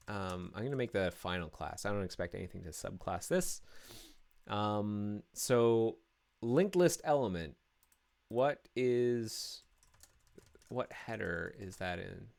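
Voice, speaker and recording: A man's voice: fairly low pitch, animated, takes it slowly, vocal fry, long pauses, clean tone. A man live-streaming his coding work, talking through each step casually with many fillers and restarts.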